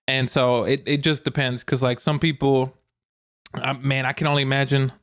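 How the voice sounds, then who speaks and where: A man's voice: mid-range voice, little pitch movement, normal speed, a bit bright, clear, resonant tone. A man co-hosting a casual podcast, chatting loosely and laughing at his own jokes. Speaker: podcast co-host. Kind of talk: casual chat.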